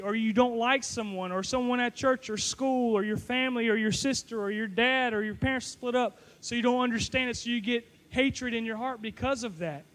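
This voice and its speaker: A man with a strikingly high-pitched voice delivers a sermon built around a personal story. He jokes at his own expense and teases his listeners as he goes. He sounds middle-aged and speaks as a youth pastor addressing his audience. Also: fairly bright tone. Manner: playful, self-mocking storytelling to a live audience.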